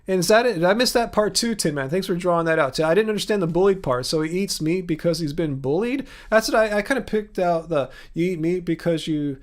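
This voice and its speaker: A man in his forties chats casually on a livestream, reading out viewers' comments and pressing them with earnest questions. He talks in a loose, conversational way, restarting sentences often, and his voice sits slightly higher than most men's. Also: expressive, fast, few pauses. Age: 40s. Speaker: livestream host answering chat. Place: home studio.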